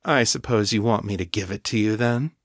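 A man voicing a good-humored, playful man in an audiobook story, close to his own low voice. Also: a little fast, no room sound, lightly acted. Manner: playful, wry.

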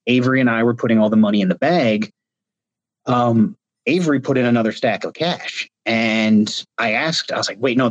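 A man from Ohio in the United States, a reality show contestant, tells stories in a casual video-call interview, gesturing with his hands as he talks. His voice is mid-range, and there is no room sound.

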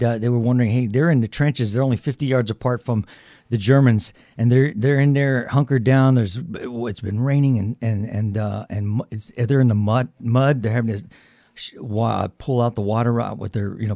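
Male radio co-host, mellow dark voice, rambling storyteller, dry studio sound. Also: mid-range voice, dry recording. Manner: rambling storyteller with many restarts. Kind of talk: casual radio talk.

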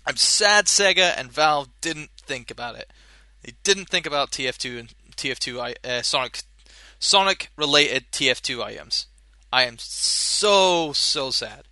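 A young man hosting a casual solo podcast, rambling and animated, swearing casually and laughing at his own jokes. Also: mid-range voice, measured pace, no echo. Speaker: podcast host.

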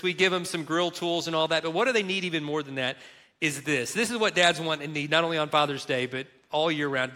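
A man's voice: a little high, sharp tone. A middle-aged man preaching a sermon as a pastor, earnest and emphatic, repeating key words for weight.

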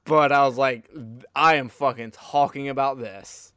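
A man hosts a casual podcast in a middle-pitched voice that sounds smooth and clear. He rambles with enthusiasm and swears freely. His sound is close and dry. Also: fairly even intonation, unhurried, bright, forceful tone, dry recording. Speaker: podcast host.

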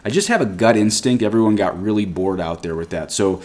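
A man's voice: lowish voice, brisk, darkish tone. A man who is a Catholic priest, giving a conversational scripture commentary, reading quotations aloud and then explaining them in an earnest way.

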